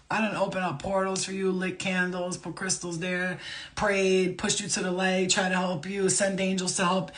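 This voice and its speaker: A woman's voice: mid-range voice, fairly even intonation, normal speed. Woman, spiritual vlogger, unscripted rant: swears constantly, heated and emphatic, loose casual delivery. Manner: loose, casual phrasing with many fillers.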